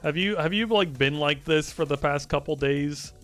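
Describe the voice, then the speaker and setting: A man's voice: a little high, moderate pace, fairly bright tone, soft background music. A young man streaming live, chatting casually, teasing and swearing as he rambles.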